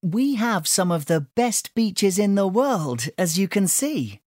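A woman voicing an eager young island girl, raised in pitch, lively and animated, in a slow storybook reading. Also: no room sound, studio quality. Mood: cheerful.

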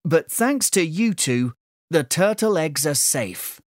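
A woman voicing a friendly male police officer, calm and approving, low and slow. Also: no echo, clean studio sound, heavily acted.

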